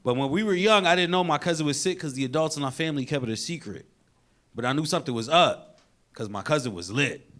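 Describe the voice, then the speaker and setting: A man's voice: on the high side, animated, quick pace, fairly bright tone. A man doing a stand-up set in a comedy club, telling stories with punchy delivery. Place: comedy club stage with laughing audience.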